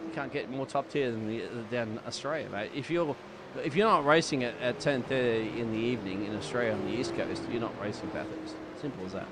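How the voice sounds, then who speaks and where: A man's voice: medium pitch, fairly quick. A man commentating a sim race in a hyped, jokey way, full of slangy banter. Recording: loud engine noise behind voice. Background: race car engine noise.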